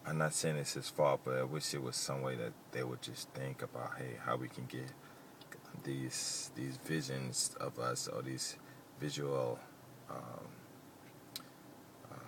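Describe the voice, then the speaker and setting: A middle-aged man with an extremely deep, low voice talks as he drives. His talk rambles and loops back, full of "you know." Loud road and engine noise fills the recording from inside the moving car. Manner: rambling, loose, heavy on "you know" fillers. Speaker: vlogger. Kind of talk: casual rambling monologue while driving. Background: car and traffic noise.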